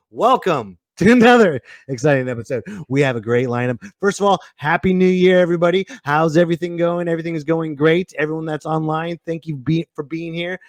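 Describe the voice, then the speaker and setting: A man hosting his comedy podcast, excitable and ranting, with sudden bursts of shouting. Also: a little high, brisk, dry recording, studio quality. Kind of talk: casual comedic monologue.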